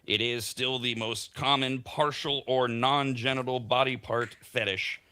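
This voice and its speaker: Guy hosting a morning radio show, bright punchy voice, chatty, reading the day's facts. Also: mid-range voice, fairly even intonation, measured pace, clear, resonant tone. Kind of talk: casual morning radio chat.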